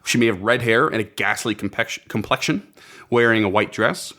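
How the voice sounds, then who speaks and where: Deep-voiced man hosting a podcast. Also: moderate pace, pushed and bright. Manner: reads out folklore notes with enthusiasm; laughs often. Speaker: podcast host. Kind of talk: casual podcast chat.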